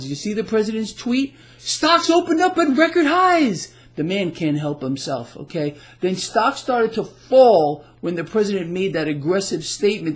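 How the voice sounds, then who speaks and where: A man delivering heated solo market commentary, agitated and emphatic, often repeating himself as he rants. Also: high-pitched.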